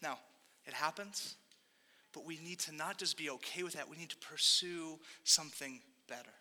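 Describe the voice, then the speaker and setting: Young male pastor, bright echoing sermon. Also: a little high, normal speed. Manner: casual, conversational preaching with frequent asides. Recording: long hall reverb.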